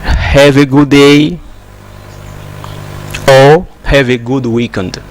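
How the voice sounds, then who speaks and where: Slow man teaching phrases. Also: medium pitch, steady tone, a little hiss or hum, poor audio. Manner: slow, repeats example phrases one by one. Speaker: English teacher. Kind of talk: slow spoken English lesson.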